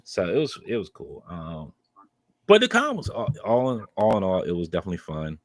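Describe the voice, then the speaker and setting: A man's voice: deep voice, huge pitch swings, a little fast, no echo. A man co-hosting a podcast, recapping a convention in casual chat, rambling with many ums and laughs. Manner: rambling, filler-heavy, laughs while telling stories. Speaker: podcast co-host.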